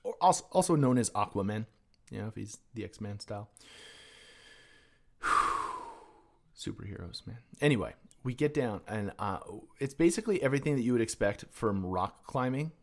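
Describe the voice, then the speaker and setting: Male podcast guest with a lowish voice, casual and salty, dropping quiet then bursting loud. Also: moderate pace. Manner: animated, profane, swings between hushed and loud. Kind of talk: casual personal storytelling.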